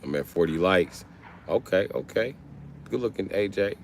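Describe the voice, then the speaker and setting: A man's voice: expressive, normal speed, slight background noise. A man in his late thirties on a casual livestream, reading chat aloud and roasting viewers with profanity. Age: late 30s. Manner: trash-talking, mocking chat users with shouted high bits.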